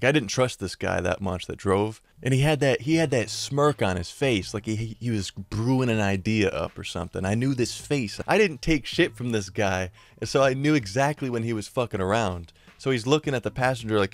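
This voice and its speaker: A young man, mid-pitched and recorded close and dry, tells a personal story with slangy, profane excitement. His voice keeps jumping up when things get wild. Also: moderate pace, no echo. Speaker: storyteller YouTuber. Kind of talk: casual storytime narration.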